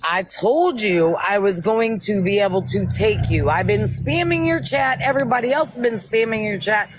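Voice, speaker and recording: A middle-aged woman appears as a guest on a livestream and confronts the host angrily, scolding him over and over insistently. The rough recording carries slight background noise, and her voice sits high.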